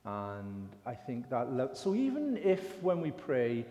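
A man's voice: mid-range voice, wildly swooping pitch, slow, dark tone. An older man with an English accent giving an informal sermon, chatty and self-deprecating as he tells a story. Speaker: lay preacher. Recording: reverberant hall.

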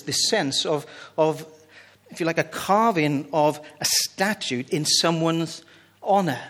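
A man's voice: a little high, a bit bright. A man preaching a sermon, reading scripture and telling jokey asides in a conversational way. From Wales. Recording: reverberant hall.

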